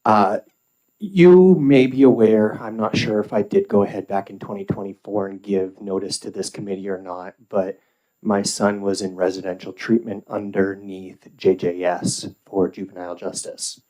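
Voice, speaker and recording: A middle-aged man giving formal testimony as a parent at a legislative hearing, measured, with filler pauses. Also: lowish voice, fairly even intonation, mellow, low-quality recording.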